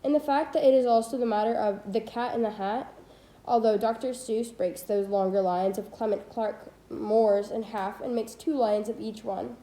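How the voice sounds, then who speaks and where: A woman's voice: on the high side, steady tone, normal speed, warm tone, roomy sound, poor audio. A teenage girl reading a poetry textbook aloud, stopping to correct her slips and adding asides. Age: teens. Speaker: student reading a book aloud. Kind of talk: casual read-aloud of a textbook.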